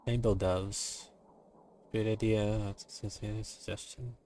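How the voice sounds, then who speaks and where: Casting: a laid-back male streamer with a low voice, joking commentary, loose and profane. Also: fairly even intonation, takes it slowly, dark tone, slight background noise. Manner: joking, loose, swears casually. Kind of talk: casual stream commentary while reading game text.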